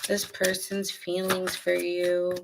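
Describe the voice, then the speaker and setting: Between cards in a casual live tarot session, a woman talks to her viewers by name. She has a lowish voice with vocal fry and speaks slowly, over a constant hum of background noise.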